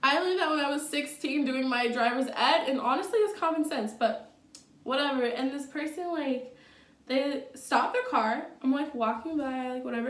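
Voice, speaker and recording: A woman's voice: high voice, recorded from a distance. A young adult woman vlogger telling a casual storytime, chatty and blunt, with lots of fillers and swearing. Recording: echoey room, from off the mic.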